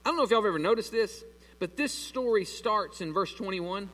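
A man preaching a sermon to his church, animated and asking the congregation questions as he reads through scripture. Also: high-pitched, fairly quick. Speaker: pastor. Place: church sanctuary. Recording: long reverb of a large hall.

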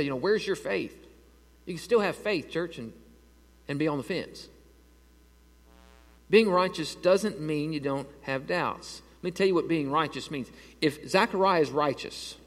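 A man in his thirties preaching a conversational sermon and telling stories with growing excitement. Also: fairly high pitch, big-room sound. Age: 30s. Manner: conversational preaching, animated storytelling. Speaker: pastor.

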